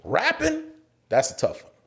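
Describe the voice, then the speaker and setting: A man, an actor and stand-up comedian, telling stories as a guest in a casual interview, animated and profane, often acting out other people's voices. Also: high voice, unhurried.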